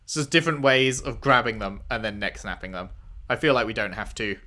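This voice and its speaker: Bright-voiced male gamer, casual commentary. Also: medium pitch, big pitch swings, unhurried, pauses often. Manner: swears freely, reads dossiers aloud and reacts with loud outbursts. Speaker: gameplay streamer. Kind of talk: let's play commentary reading in-game text aloud.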